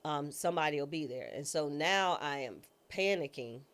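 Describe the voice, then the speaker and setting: A woman guest recounts a personal story with a low, grounded voice that stays in the lower register. She talks in a casual, informal way. She slips into other people's voices when quoting them as she tells the story. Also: normal speed. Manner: lively storyteller who acts out quoted voices. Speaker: guest, former judge and trial attorney.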